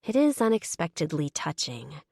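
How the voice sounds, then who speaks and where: A woman narrating a romance audiobook in the first person, with wry, measured storytelling. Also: low voice, big pitch swings, gravelly, darkish tone, no echo, studio quality.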